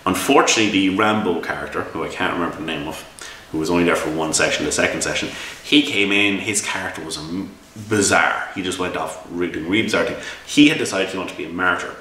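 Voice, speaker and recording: Irish man, low voice with a bright edge, rambling game review, echoey room, distant mic. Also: fast, a little hiss or hum. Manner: rambling, exasperated storytelling with many restarts. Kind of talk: casual spoken review.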